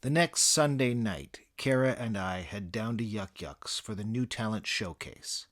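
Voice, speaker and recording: Deadpan man narrating a comic story. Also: fairly low pitch, unhurried. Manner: dry, deadpan, boastful.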